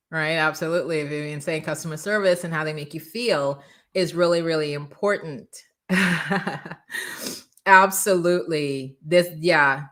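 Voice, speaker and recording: A middle-aged woman with a slightly low voice coaching her audience on branding. She talks with energy and emphasis and slips into playful quoted voices to make a point. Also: a bit bright. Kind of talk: motivational coaching talk.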